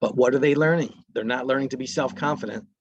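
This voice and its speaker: A man's voice: mid-range voice, fast talker, slightly rough, highs cut off. A man presenting a parenting workshop, talking casually and acting out short lines from parents and kids. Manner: conversational, acts out parents and kids in brief quotes.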